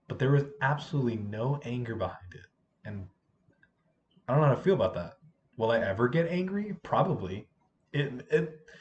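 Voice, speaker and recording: A hoarse substitute teacher recounts the day in a casual vlog, voice swinging up and down with animated expression and slipping into the voices of others mid-story. The sound is a little dull and muffled, with a faint hum of ambience behind it. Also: mid-range voice. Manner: animated, acts out what others said. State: hoarse from yelling.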